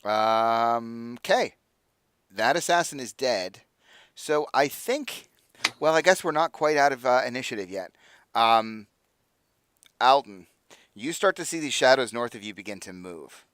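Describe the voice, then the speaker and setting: A man's voice: mid-range voice, animated, measured pace, pauses often, a bit bright, smooth, no room sound. A man narrating as dungeon master of a tabletop game, talking loosely with many fillers.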